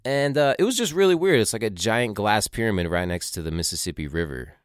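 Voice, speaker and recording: Deep-voiced man in a profane rambling monologue. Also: lively intonation, fairly quick, clear, resonant tone, dry recording, studio quality. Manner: rambling, profane, conspiratorial asides. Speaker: podcaster recounting a tour. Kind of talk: casual monologue.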